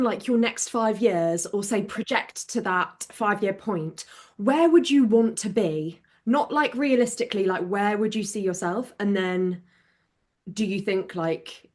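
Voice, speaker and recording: A woman's voice: medium pitch, animated, measured pace, a little mellow. A woman hosting a podcast, chatty and laughing along with her guest. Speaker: podcast host. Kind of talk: casual podcast chat.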